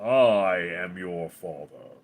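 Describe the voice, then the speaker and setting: A man putting on the deep, slow voice of a menacing male film villain. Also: animated. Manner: slow, low and weighty delivery.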